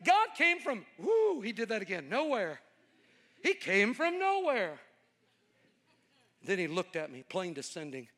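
A male preacher with a high, bright, forceful voice, spinning a folksy sermon story that builds into fervent, rhythmic preaching. His words ring out with a long reverb, as in a large church. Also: huge pitch swings, a little slow, pauses often.

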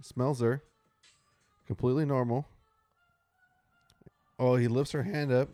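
A man guesting on a podcast who reacts with blunt, profane disbelief in a mid-pitched voice. The sound is dry and close. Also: fairly even intonation, a little slow, dark tone, dry recording, soft background music. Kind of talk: casual chat.

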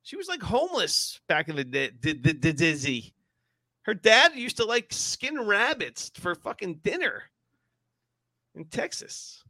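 A man's voice: sits high, huge pitch swings, measured pace, sharp tone. A man from New Jersey in casual argumentative banter, profane and exclaiming.

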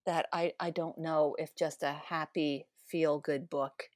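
Woman, lowish voice, measured and thoughtful, dry recording. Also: steady tone, a little mellow, dry recording. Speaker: podcast co-host. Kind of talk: casual book chat.

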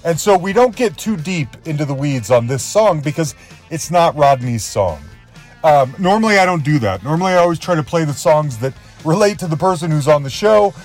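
A man's voice: fairly high pitch, expressive, brisk, faint music behind. A man hosting a podcast, introducing his guest with fan-like enthusiasm and a habit of repeating himself. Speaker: podcast host.

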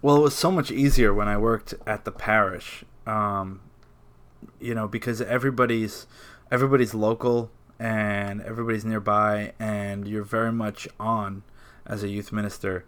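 A man working as a high school campus minister, chatting on a podcast in a halting way with many fillers. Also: fairly even intonation, a bit bright. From New York area. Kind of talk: casual podcast chat.

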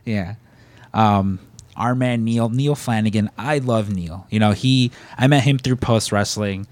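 A man with a low voice chats loosely as a podcast host, rambling from one listener shout-out to the next. The sound is dry and close, with no room around it. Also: a little slow, no room sound. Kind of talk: casual chat.

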